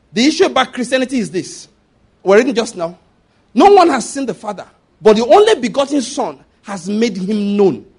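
A man preaching a sermon, emphatic, repeating his points and checking that listeners follow. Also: extremely high pitch.

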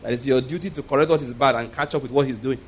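A man's voice: medium pitch, steady tone, very fast, a little hiss or hum. A man preaching a sermon, telling a story with frequent chuckles and repeated words.

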